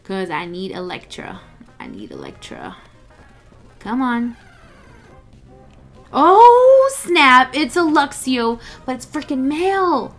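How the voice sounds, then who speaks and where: A young woman chatting excitedly through a let's play, groaning and laughing at the game. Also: fairly high pitch, measured pace, faint music behind. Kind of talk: casual gameplay commentary.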